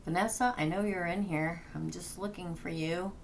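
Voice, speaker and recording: A woman's voice: fairly low pitch, fairly even intonation, moderate pace, gravelly, slight background noise. A woman tarot reader hosting a casual livestream, chatting, laughing and reading names off a list.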